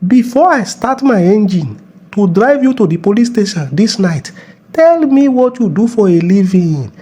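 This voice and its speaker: A man's voice: sits high, lively intonation, moderate pace, mellow, slightly rough. A man with a Nigerian accent playing a bossy, mocking middle-aged police officer in a comedy skit. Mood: scolding. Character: bullying middle-aged male traffic cop.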